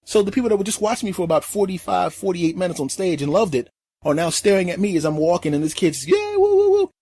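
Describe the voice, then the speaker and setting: A middle-aged male comedian telling a story in an animated, emphatic way, acting out every scene. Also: high voice, quick pace, slightly rough. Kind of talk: comic storytelling.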